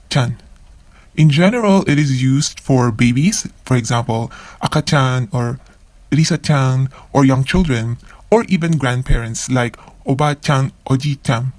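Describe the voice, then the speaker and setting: A man from the Philippines who is a language learner gives a vocabulary lesson, saying each word twice before explaining it. His voice is mid-range and a little mellow, with no echo.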